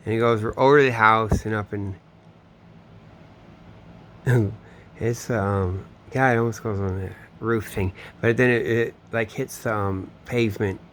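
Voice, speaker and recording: A man's voice: lowish voice, steady tone, unhurried, a bit bright, a little hiss or hum. Rambling, cursing man telling a story. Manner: meandering, swears often, trails off and restarts. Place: home in Florida.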